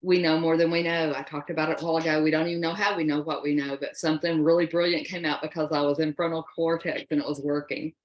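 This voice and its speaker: A woman's voice: low voice, flat delivery, fast talker, few pauses, roomy sound. A woman presenting a parenting workshop in a folksy, emphatic, conversational way. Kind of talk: live workshop talk. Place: workshop room.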